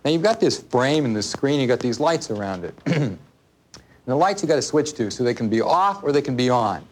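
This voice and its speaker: Animated and brisk at medium pitch, an adult man who is the parent of a small child instructs a workshop audience in a room. He keeps the live seminar casual, going back over his points and posing questions to the listeners.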